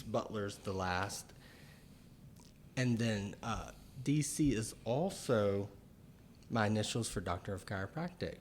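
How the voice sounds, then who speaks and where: Male podcast regular and chiropractor, mid-pitched, unhurried, with halting fillers and faint background hiss. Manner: slow, deliberate explaining with pauses and fillers. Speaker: chiropractor and author. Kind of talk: casual podcast conversation.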